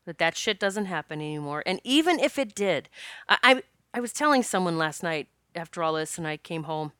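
Candid woman storyteller; crisp, bright voice; dry close sound. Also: fairly low pitch, lively intonation, brisk, no echo. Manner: candid, laughs often, swears freely. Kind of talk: casual storytelling monologue.

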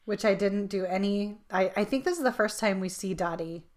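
A woman's voice: medium pitch, a little fast. A woman co-hosting a casual chat podcast, chatty and laughing as she reads out trivia questions. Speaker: podcast co-host.

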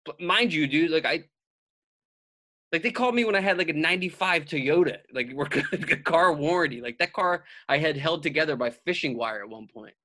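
Man, podcast host, bright forward voice, fairly high, casual storytelling. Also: a little fast. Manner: loose storytelling, says dude a lot. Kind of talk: casual chat.

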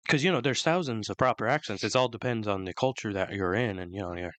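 Man with a flu-roughened throat. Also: lowish voice, quick pace, a bit bright, no room sound. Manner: rambling, with frequent restarts. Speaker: podcast co-host. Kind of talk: casual opinionated chat.

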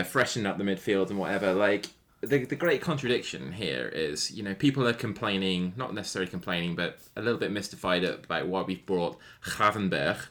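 A man's voice: deep voice, fairly bright tone. A man hosting a casual football podcast, laid-back and chatty, laughing easily and swearing casually. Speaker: podcast host.

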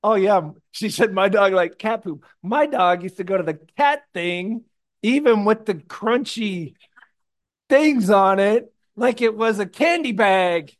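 A male pastor preaches a sermon in a loose, conversational style. His voice sits a little high. He drops to hushed asides, then rises into loud, animated bursts, and he mixes in jokey personal stories. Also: slow.

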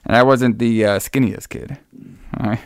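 A man's voice: mid-range voice, fairly even intonation, moderate pace, clean tone, no echo, clean studio sound. A man casually retelling a film's plot in a loose, rambling way, breaking into quoted lines. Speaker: podcast co-host. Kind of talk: casual movie recap chat.

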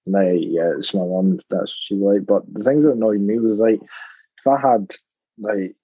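Male player guest, low and husky, hesitant talker, dry muffled recording. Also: fairly even intonation, unhurried, no echo. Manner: plain-spoken, hesitant, lots of "like". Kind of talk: casual interview.

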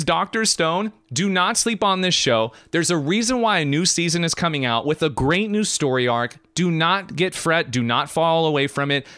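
A man hosting a podcast, talking in an excited, emphatic rant that swings between high and low. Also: smooth, dry recording, studio quality. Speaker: podcast host. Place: California.

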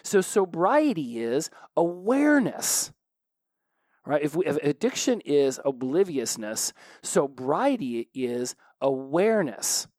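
A man in his forties giving a casual motivational talk on addiction recovery, fast and animated, often asking "right?" to check in with listeners. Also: fairly high pitch, no room sound. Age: 40s.

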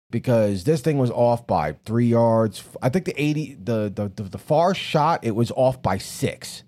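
A man's voice: mid-range voice, mellow. A man co-hosting a podcast in casual chat, telling stories in a profane, rambling way. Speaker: podcast co-host.

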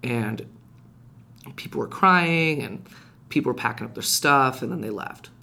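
A man telling a personal story in casual podcast chat, animated and rising in pitch when reliving heated moments. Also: a little slow, vocal fry. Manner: frequent restarts and fillers, conversational. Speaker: podcast guest.

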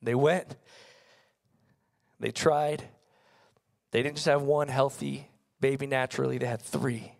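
A man's voice: medium pitch, steady tone, a little slow, creaky, pauses often, a little mellow. A young man preaching a sermon, telling a personal story with earnest rhetorical questions. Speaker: pastor.

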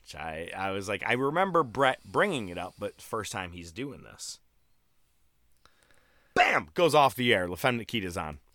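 Podcast host, male, low voice. Loose, profane storyteller, close dry mic. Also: very animated, normal speed, sharp tone, no room sound. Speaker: podcast host recapping wrestling. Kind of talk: casual chat.

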